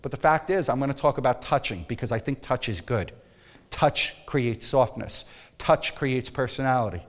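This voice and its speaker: Man, photography instructor, emphatic and animated, reverberant hall. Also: medium pitch, normal speed. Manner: emphatic, animated, drops to soft coaxing when demonstrating. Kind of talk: energetic workshop teaching.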